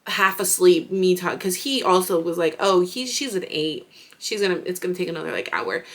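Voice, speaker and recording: A woman's voice: medium pitch, a bit bright. A woman in her thirties, a mother vlogging, chatting casually and animatedly through a story with lots of fillers.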